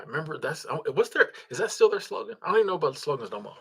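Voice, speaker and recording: A man with a slightly high, gravelly, husky voice that's a bit bright hosts a casual livestream, talking very fast with big swings in pitch. He reads viewer comments and thanks supporters in a laid-back way, chuckling often and filling his speech with ums and restarts.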